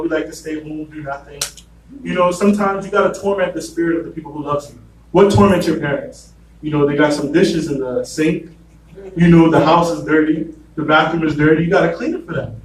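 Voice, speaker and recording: High-voiced man preaching in an echoey church. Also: distant mic, slight background noise. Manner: storytelling, acts out voices of the characters. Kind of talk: sermon. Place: church sanctuary. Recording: echoey church room from afar.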